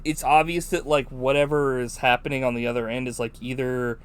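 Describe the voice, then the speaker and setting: A man's voice: medium pitch, level tone, a little fast, clean tone. A man co-hosting a podcast, chatting casually about a film in a rambling, profane way with many fillers. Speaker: podcast co-host.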